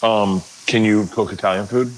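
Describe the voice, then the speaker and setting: A man hosting a casual chat in a home kitchen, joking and slipping into quick mock impressions. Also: lowish voice, fairly even intonation, slight background noise. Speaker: host. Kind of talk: casual chat while cooking.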